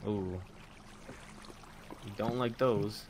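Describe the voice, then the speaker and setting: A young man in casual gaming chat at home, excitable, laughing often and swearing casually. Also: fairly low pitch, extremely slow, noisy background. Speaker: gamer. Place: home room.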